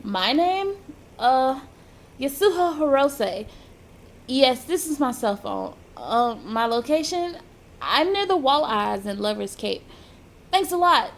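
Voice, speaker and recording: A woman's voice: sits high, big pitch swings, slow pace, heavily acted. A woman voicing a frantic teenage girl calling for help in an anxious, urgent, raised voice.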